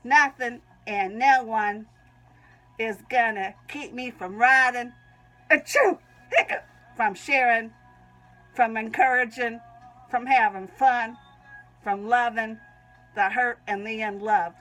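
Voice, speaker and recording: A woman's voice: a little high, steady tone, takes it slowly, pauses often, pushed and bright, soft background music, low-quality recording. A woman with a Southern US accent reads her own Christian writing aloud, often breaking off to sneeze and giggle. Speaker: Christian vlogger.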